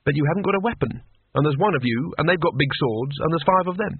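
Man playing a jittery scaredy wizard, anxious and a bit high, dry tinny sound. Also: animated, fast talker, husky, dry recording. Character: nervous, cowardly male wizard.

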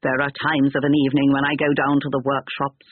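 A pompous elderly gentleman, proud and sentimental, speaking with grand formality, as a man reads him. The husky voice comes through a thin, tinny channel with a dry close sound. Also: medium pitch, completely flat delivery, fast, dry recording, lightly acted. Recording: tinny narrow-band recording.

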